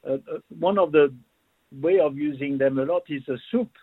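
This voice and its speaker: Man, enthusiastic cooking chat, tinny phone line, dry sound, fairly high voice. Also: moderate pace, husky, no echo. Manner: warm enthusiastic food talk, restarts. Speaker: chef guest. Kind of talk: casual radio chat.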